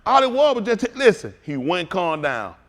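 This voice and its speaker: A man preaching as a pastor in a fiery talk, swinging from low mutters to loud outbursts. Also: very animated, moderate pace, creaky.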